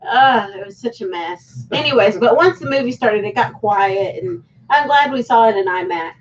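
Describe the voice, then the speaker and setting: A woman co-hosting a casual podcast chat, telling stories in an animated way. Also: a little high, normal speed. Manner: animated storyteller with laughs. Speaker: co-host. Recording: dull sound from a distant mic.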